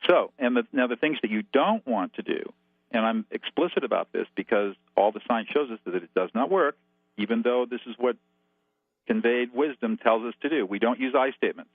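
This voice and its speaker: A man's voice: medium pitch, expressive, a little fast, no room sound. A man as a guest expert, calling in and laying out numbered steps in a methodical, instructive way over a tinny phone line. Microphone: telephone.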